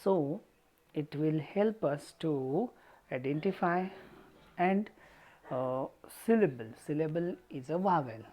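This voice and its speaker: Woman teacher going thru an english exercise, low voice, slow and careful. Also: lively intonation, mellow. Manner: slow, careful step-by-step explanation with frequent "see" and "so". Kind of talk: explaining a textbook exercise.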